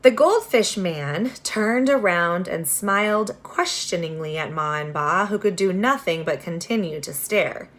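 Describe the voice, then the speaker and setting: A woman reading a children's novel aloud, expressive, with casual asides to her listeners. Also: lowish voice, measured pace, hardly any pauses. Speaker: reader.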